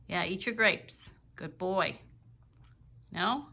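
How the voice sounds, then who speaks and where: A woman talks slowly to her pet bird and her viewers, firm "no"s mixed with sing-song baby talk. Her voice is bright and clear, and she takes her time over each phrase. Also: mid-range voice. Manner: scolding firmly, then cooing in baby talk. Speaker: pet owner filming her parrot. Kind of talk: casual vlog talking to a pet and viewers.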